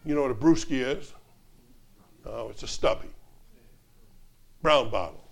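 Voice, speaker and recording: A man preaching a sermon, telling humorous stories in an animated, joking way. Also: medium pitch, measured pace, vocal fry. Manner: animated, joking, varies loudness a lot. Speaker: traveling preacher.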